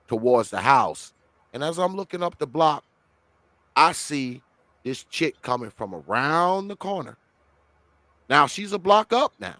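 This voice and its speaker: A man who is a guest on a podcast, telling a story in an animated, heavily profane way. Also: fairly high pitch, dry recording.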